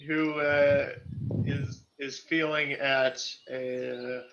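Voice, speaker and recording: Guy playing a tabletop game, umms a lot, dry wry humor, middle pitch. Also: little pitch movement, drawn-out words, dull audio. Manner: hesitant and wry, with many fillers. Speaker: player. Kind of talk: casual tabletop game chat.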